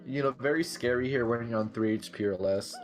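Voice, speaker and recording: A man giving casual play-by-play commentary on a speedrun race, relaxed and full of fillers. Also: medium pitch, brisk. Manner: relaxed, lots of filler "like" and "you know".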